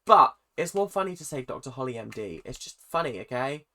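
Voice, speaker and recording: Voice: mid-range voice, sing-song, fairly quick, pushed and bright. A British reaction channel host chatting casually and jokingly straight to viewers. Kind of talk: casual reaction vlog chat.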